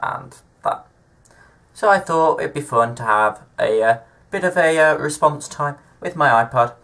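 A man's voice: on the high side, expressive, measured pace, fairly bright tone. A man hosting a casual vlog, talking in a jokey, chatty way. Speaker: vlogger.

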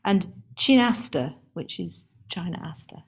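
A garden historian with a fairly low, husky voice delivers a seminar lecture, sounding chatty and amused as she works through long lists with many ums and restarts. Her delivery is expressive and a little slow. It seems to be a live talk to a room, with more listeners tuning in online.

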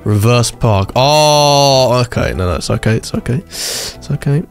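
A man's voice: mid-range voice, faint music behind. A man role-playing a clumsy, cocky learner driver in a joking game session. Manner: fast, playful, cocky, jokey. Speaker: game video host. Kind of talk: comedic role-play banter.

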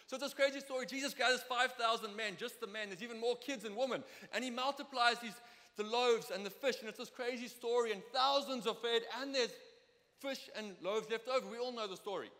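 A young man with a South African accent preaching a sermon in a church, telling lively stories and acting out the dialogue. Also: very high voice, a little fast. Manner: lively, storytelling, acts out dialogue. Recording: long reverb of a church hall.

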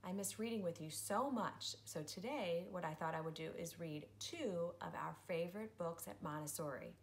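Reading a picture book to kids at a moderate pace, this woman, a preschool teacher, uses a fairly low voice. She's playful and theatrical, switching into silly voices as she goes.

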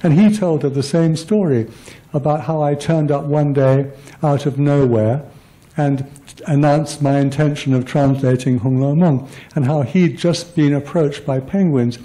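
A man's voice: fairly high pitch, measured pace, warm tone, rough recording. An older man giving a public lecture, telling personal stories in a rambling, self-deprecating way with many fillers and restarts. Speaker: guest lecturer.

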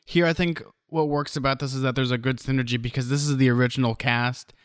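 A man co-hosts a podcast in relaxed, chatty conversation. His voice is smooth and clear at a middle pitch. The recording is dry, with no room sound. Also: fast, no echo. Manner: relaxed, chatty, often finishes the other host's sentences. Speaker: podcast co-host. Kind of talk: casual chat.

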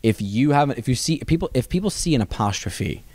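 A man, a stand-up comedian, chatting as a podcast guest in a rambling, animated way with many restarts. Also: mid-range voice, fast talker, no room sound. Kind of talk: casual interview chat. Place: comedy club.

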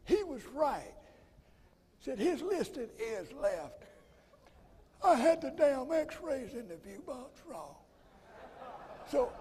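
A brash male chiropractor , put on by a man telling the story, who swears and rushes his words in a raised, high-pitched voice. He sounds loud and animated. The voice rings around a long, echoing hall. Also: a little hiss or hum, exaggerated voice. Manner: blunt, swearing, hurried. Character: gruff excitable male chiropractor friend. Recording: reverberant hall.

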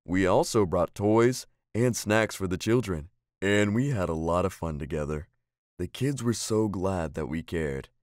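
A man voicing a gentle father and former soldier telling his daughter a bedtime story. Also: low-pitched, unhurried, dry recording, clean studio sound. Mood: tender.

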